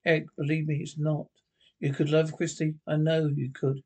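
A woman's voice: sits low, flat delivery, moderate pace, darkish tone, husky. An actress playing an anxious mother who pleads earnestly with her husband, in a 1960s television drama.

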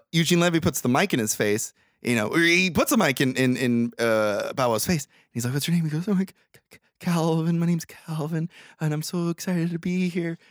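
A young man co-hosting a podcast, recapping a movie in casual, comedic chat, swearing freely and laughing loudly. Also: mid-range voice, clear, resonant tone, no room sound, clean studio sound.

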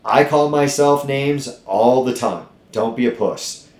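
A man's voice: medium pitch, slow. A middle-aged man hosting a podcast as a gym owner, talking bluntly and profanely in a fired-up motivational way. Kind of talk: casual podcast chat. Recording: echoey room.

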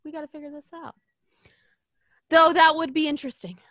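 A woman co-hosting a podcast in casual chat, animated and profane, with frequent laughing asides. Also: high voice, fairly quick, no echo, studio quality. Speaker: podcast co-host.

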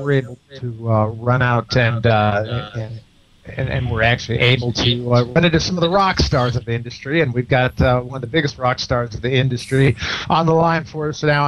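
Rambling male radio host, lo-fi. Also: mid-range voice. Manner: rambling, many fillers and restarts. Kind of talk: casual radio interview. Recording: dull lo-fi sound with faint noise.

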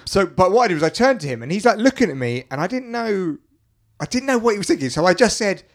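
A man's voice: high-pitched, very animated, fast talker. A man hosting a casual chat, telling a story and laughing often as he goes. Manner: laughs often, slips into acted voices in his stories.

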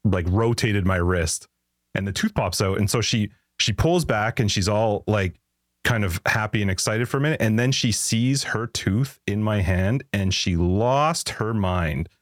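A man's voice: fairly low pitch, expressive, a little slow, no room sound, clean studio sound. A man hosting a podcast, telling rambling anecdotes in casual chat and laughing often. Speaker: podcast host.

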